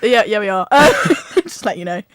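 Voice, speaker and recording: A woman's voice: medium pitch, expressive, normal speed, dry recording, clean studio sound. A young woman hosting a casual radio interview, bubbly and giggling often. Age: young adult. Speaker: radio host.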